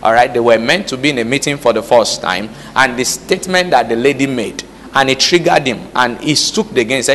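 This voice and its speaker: A man's voice: medium pitch, brisk, a bit bright, a little hiss or hum. Man preaching in a hall. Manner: call-and-response, repeated "All right?" checks. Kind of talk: sermon. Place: church hall. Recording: reverberant hall.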